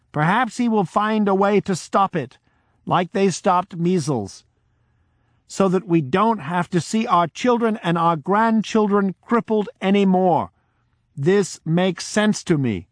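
A man voicing a forceful woman of about fifty who loudly pleads with her fellow villagers, raised in pitch above his own voice. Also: no echo, studio quality. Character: fierce village grandmother around fifty.

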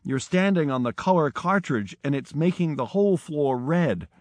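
A man voicing a brisk, no-nonsense female head nurse who talks in a curt, scolding way. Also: sits low, animated, darkish tone, dry recording, voice pushed up.

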